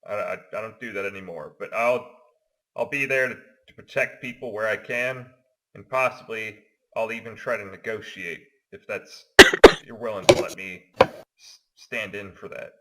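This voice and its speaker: Guy playing a cautious adventurer in a tabletop game, keeps stumbling and restarting, kinda bright voice. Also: on the low side, low-quality recording. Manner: halting, hesitant, many restarts. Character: cautious peace-loving male adventurer Cassius. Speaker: player.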